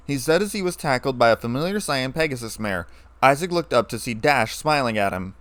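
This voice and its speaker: A man narrating a fan fiction story in a steady, plain way. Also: mid-range voice, a little fast, no echo.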